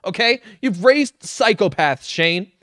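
A man hosting a live-stream reaction, cracking sarcastic, profane jokes and laughing often. His pitch swings all over the place. The sound is dry and close. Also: animated, slow, pushed and bright, no echo.

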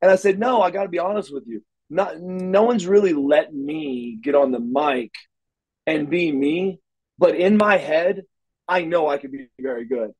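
A man's voice: fairly high pitch, moderate pace, rough recording. A middle-aged man, an interview guest, telling stories casually and animatedly, acting out the dialogue with frequent restarts. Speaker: interview guest, former wrestler.

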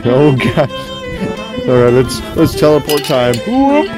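A man's voice: on the high side, sing-song, a little slow. A young man joking around and narrating to the camera while hiking outdoors on a mountain trail. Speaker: vlogger. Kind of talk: casual hiking vlog. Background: music.

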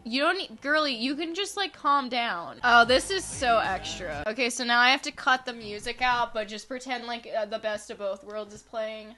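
A woman's voice: on the high side, normal speed, few pauses, bright, forceful tone. A woman in her twenties giving chatty, sarcastic commentary while playing a video game, full of "like". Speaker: gaming YouTuber. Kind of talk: casual gameplay commentary.

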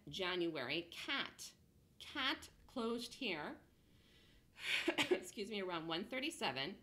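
A woman coaching day traders over a chart walkthrough, blunt and emphatic, punctuating her points with "boom". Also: a bit bright. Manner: emphatic, punchy with "boom" interjections; blunt, self-assured. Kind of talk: screen-share trading lesson.

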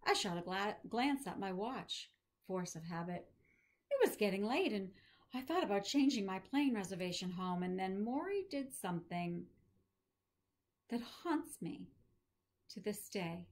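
A woman teacher reading a book aloud to her students in a measured, expressive way. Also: mid-range voice.

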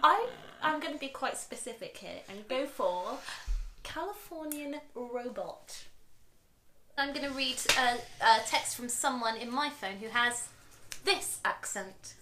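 A young woman giggles and cheers her friend on game, her voice high and unhurried. It sounds from an echoey room with faint noise behind her. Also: expressive, bright, forceful tone. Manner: giggly, encouraging. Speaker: guest friend. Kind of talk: casual chat, accent game.

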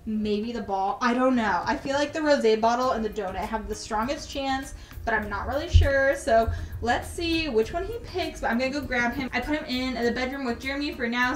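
A woman's voice: a little high, a little hiss or hum. A young woman chatting casually in a vlog, bubbly and gushing, often giggling. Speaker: vlogger.

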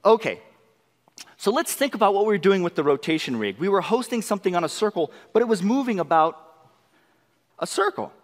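A man presenting a live software demo class at a conference, excitable and eager, constantly tossing rhetorical questions at the audience. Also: sits high, a little fast, long pauses. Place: large conference session room. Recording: long reverb of a conference hall.

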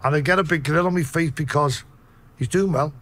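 A man with a Liverpool accent telling profane, animated stories in a casual interview. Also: on the high side, a little fast. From Liverpool, England. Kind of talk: casual storytelling.

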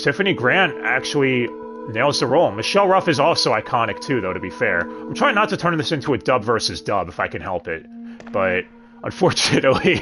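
A man hosting a casual review show, talking in a chatty way with joking asides. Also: mid-range voice. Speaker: host. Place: home streaming setup. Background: background music.

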